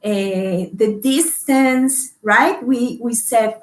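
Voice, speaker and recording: A woman, teaching an online kindergarten math class in a slow, sing-song manner and greeting the children by name. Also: high-pitched, expressive, roomy sound, rough recording.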